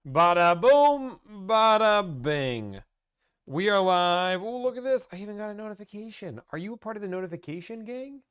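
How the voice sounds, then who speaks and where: A man's voice: high-pitched, fast, few pauses, fairly bright tone, smooth, no room sound, studio quality. A man hosting a casual livestream, hyped and playful, talking straight to his live chat. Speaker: livestream host.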